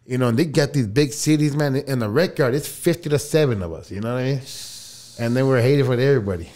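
A man's voice: medium pitch, quick pace, darkish tone. A man, a podcast guest telling a long story in casual, profane, laughing talk. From El Paso, Texas. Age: 40s.

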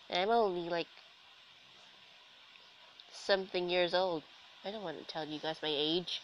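In poor audio, a young woman with a fairly low, slightly bright voice chats her way through a video game. Her throat is sore from being sick, and her let's-play commentary is casual, sarcastic, and self-deprecating.

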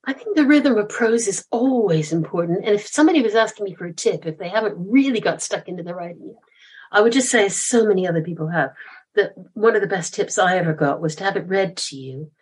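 An older woman speaking as a podcast guest, talking in a chatty, self-deprecating and animated way. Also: medium pitch, quick pace, husky, rough recording. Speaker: guest author and former cellist. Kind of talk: podcast interview.

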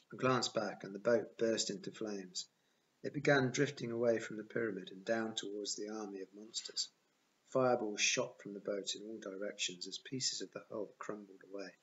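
A man reads a novel aloud in an even, plain first-person narration. His voice is on the low side. The recording sounds dull and lo-fi. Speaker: audiobook reader.

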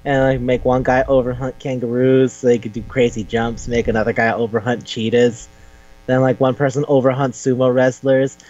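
A man in casual chat, rambling through a story with many "like"s and the odd curse word. His voice sits at an ordinary middle pitch, and the recording sounds dull and lo-fi. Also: completely flat delivery, normal speed, a little mellow. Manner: rambling, lots of "like" and swearing, brief quoted voices. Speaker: podcast co-host. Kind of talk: casual chat, retelling a manga plot.

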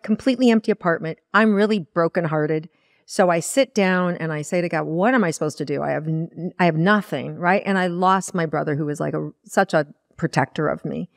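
A woman's voice: lowish voice, no echo, clean studio sound. A woman, a spiritual teacher, earnestly telling a personal story in a podcast interview and acting out her own past words. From Iowa. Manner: earnest, animated retelling with quoted inner dialogue.

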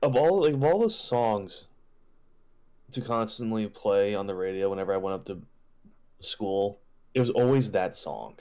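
A man with a fairly low voice talks casually on a live game stream. He explains things at length in a loose, meandering way. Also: expressive, normal speed, pauses often, dark tone. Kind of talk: casual live gaming chat.

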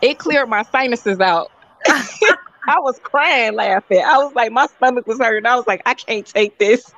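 A woman hosting a call-in talk show, chatting casually, animated and rambling, laughing often. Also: a little high, measured pace, no echo, dull audio. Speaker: show host.

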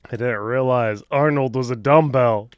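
A young man giving joking, animated commentary over a video game. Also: mid-range voice, normal speed, faint music behind. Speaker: gaming YouTuber. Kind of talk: let's play commentary.

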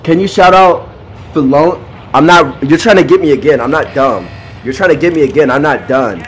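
A man's voice: a little high, moderate pace, a little hiss or hum. A young man streaming a video game, chatting casually with his viewers in a playful, teasing way, full of slang and repeated phrases. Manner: slangy trash talk to chat. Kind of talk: casual live-stream chat.

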